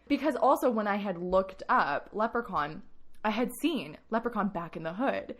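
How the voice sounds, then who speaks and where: A young woman co-hosting a podcast, telling stories in a lively, laughing way during casual chat. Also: mid-range voice, a little fast. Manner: animated storyteller, laughs often. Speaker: podcast co-host.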